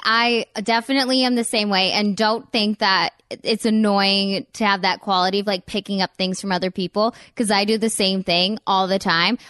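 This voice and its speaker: A young American woman hosting a podcast in casual chat, gushing and warm with lots of filler words. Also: mid-range voice, dry recording, studio quality. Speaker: podcast host.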